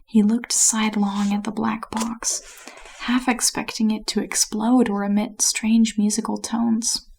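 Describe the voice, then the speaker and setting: A woman reading a bedtime story aloud as a whispered role-play, soft and unhurried. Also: a little high, little pitch movement, gravelly, slight background noise.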